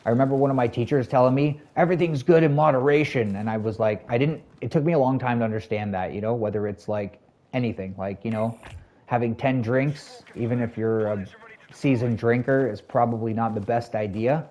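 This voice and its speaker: A man's voice: medium pitch, a little fast, warm tone. A man in his thirties chatting casually to his stream viewers, rambling loosely with lots of "like" and "you know". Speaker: live streamer.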